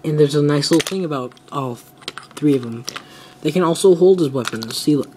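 A man's voice: on the high side, a little fast, a little mellow, a little hiss or hum. A teenage boy casually reviewing toys, rambling and trailing off as he talks. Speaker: toy reviewer.

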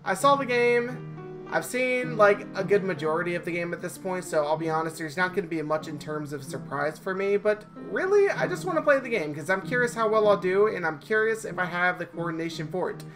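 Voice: mid-range voice, lively intonation, fairly quick. A YouTube gamer chatting through a let's play, casual and self-deprecating, reading the game's story aloud. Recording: game music behind.

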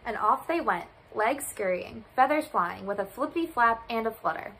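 Woman volunteer reader, high bright voice, expressive, faint hiss. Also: normal speed, poor audio. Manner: expressive, lively storytelling. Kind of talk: children's storybook read-aloud.

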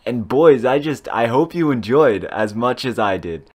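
A young man commenting on a video game pack opening, excitable and swearing, bursting into loud high-pitched reactions. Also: a little slow. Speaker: gaming YouTuber. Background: electronic dubstep music.

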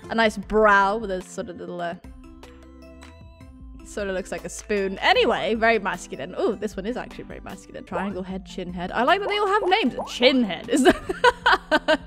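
A woman's voice: medium pitch, fairly bright tone. A young woman giving casual, gushing commentary on a video game she plays, bubbly and often giggling. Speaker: let's play gamer.

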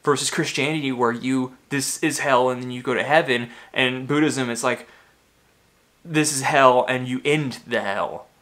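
A man's voice: medium pitch, moderate pace, fairly bright tone. A man in his thirties, ranting in a rambling, agitated monologue full of swearing and fillers. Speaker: vlogger.

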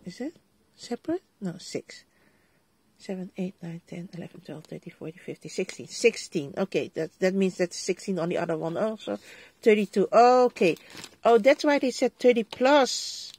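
A woman's voice: fairly low pitch, expressive, moderate pace, a little mellow, breathy edge. A middle-aged Dutch woman with a Dutch accent, chatting casually to viewers as she unboxes a crafting haul at her desk and exclaims over each item. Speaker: vlogger.

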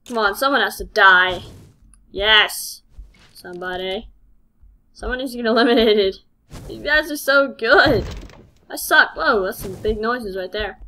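A woman giving live gameplay commentary as host of her channel, excitable, exclaiming and poking fun at herself as she plays. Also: fairly high pitch, a little slow, long pauses. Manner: excitable, exclaiming and self-mocking.

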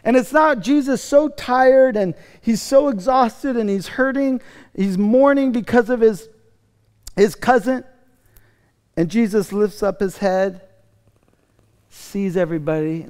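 A male pastor preaching a sermon, emphatic and repetitive, swinging from loud declarations to hushed, quiet lines. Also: high-pitched, unhurried, clean tone, big-room sound.

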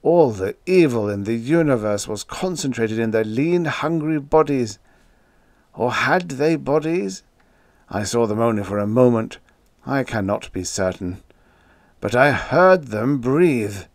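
A man doing a hysterical man haunted by unseen horrors, his voice climbing to shrill shrieks and sinking to hoarse moans. The audiobook reading sounds close and dry, with no room around it. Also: expressive, unhurried, no room sound. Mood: haunted urgency. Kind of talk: audiobook character voice.

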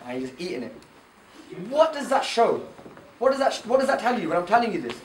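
A camp speaker gives an animated lecture to teenagers in an indoor youth camp hall, telling stories and quizzing the audience. His voice is high-pitched and brisk, recorded far from the mic in an echoey room with faint noise.

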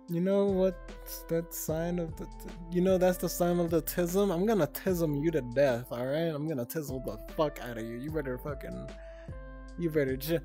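A woman's voice: low-pitched, moderate pace, dark tone, faint music behind. A woman streamer reading out chat messages in casual talk, giggling, flustered and swearing a lot, often stuttering.

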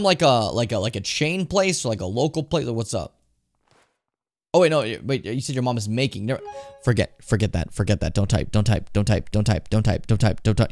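A young man streaming a game live, talking casually in an excitable, jokey, profane way. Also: lowish voice, fast talker, slight background noise.

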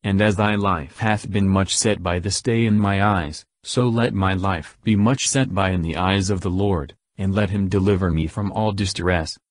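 A man with a lowish voice reads scripture aloud, moving steadily and measuredly from verse to verse. The sound is dry and close, with no room around it. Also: normal speed, few pauses, no room sound. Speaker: Bible reader. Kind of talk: scripture reading.

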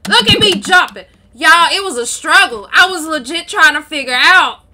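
A woman with a very high, bouncing voice calls out her game at full volume, loud and excitable. She talks into a headset at home. Keyboard clicks and typing run clearly behind her. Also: normal speed, a little hiss or hum. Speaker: gaming channel co-host. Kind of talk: casual gameplay commentary. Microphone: gaming headset.

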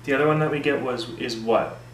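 A man's voice: medium pitch, fairly even intonation, fast, slight background noise. A man co-hosting a casual home vlog, chatty and upbeat, talking straight to his viewers from the kitchen. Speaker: vlog co-host. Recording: roomy home recording with background music.

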